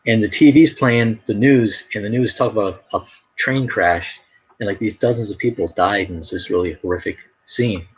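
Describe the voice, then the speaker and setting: A man's voice: fairly low pitch, normal speed, husky. A man chatting casually on a live stream, telling rambling stories full of fillers. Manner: rambling storyteller, many fillers. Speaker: artist hosting a live stream. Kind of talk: casual chat. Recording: dull lo-fi stream audio.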